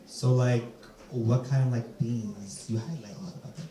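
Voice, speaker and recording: A man's voice: medium pitch, fairly even intonation, moderate pace. A man hosting a live poetry event, asking questions with playful, teasing banter. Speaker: host. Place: echoey venue with an audience. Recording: echoey venue, distant mic, crowd noise.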